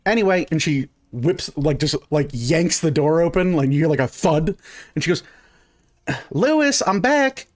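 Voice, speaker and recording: Guy gming a tabletop game, kinda high voice, lots of ums and likes. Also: normal speed, a little mellow. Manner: rambling, lots of fillers. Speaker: game master.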